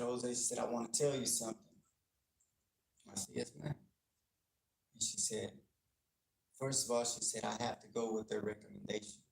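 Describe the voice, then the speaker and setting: A Texan guest speaker on gang culture tells a university audience about his past, earnest and plainspoken, acting out the people he quotes. His voice is lowish with vocal fry. The lecture room is echoey, with slight background noise and faint clicking.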